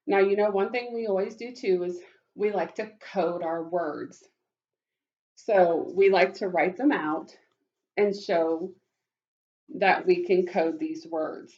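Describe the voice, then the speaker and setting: A woman teaching a phonics lesson to young children, speaking slowly and warmly, praising them often and sounding out words. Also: medium pitch, highs cut off. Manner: slow, encouraging, praising often. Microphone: webcam.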